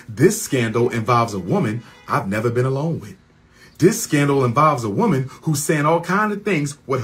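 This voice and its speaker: Guy ranting hard to the camera, husky voice, drops low then goes way up loud, repeats every line. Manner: repetitive, preacher-like cadence, swings from low mutters to high shouted questions. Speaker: host of his own channel. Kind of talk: heated monologue rant.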